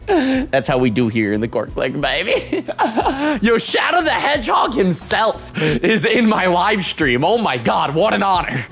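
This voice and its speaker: A man live-streaming, chatting casually with his viewers and reading out super chats, excitable and quick to laugh. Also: high voice, breathy edge, faint music behind. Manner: excitable, laughs often, loud shout-outs.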